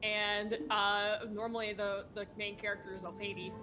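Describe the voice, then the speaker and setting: A woman's voice: medium pitch, flat delivery, normal speed, music in the background. A woman chatting casually on a live stream, laughing often and acting out mock outrage.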